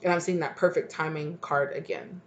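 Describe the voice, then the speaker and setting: A woman's voice: low voice, fairly even intonation, brisk, a little hiss or hum. Woman doing a tarot reading, talks in loose run-on bits full of "like", kinda dull lo-fi sound. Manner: rambling, filler-heavy, with frequent "like". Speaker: tarot reader. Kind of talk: casual tarot reading to viewers. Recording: dull lo-fi recording.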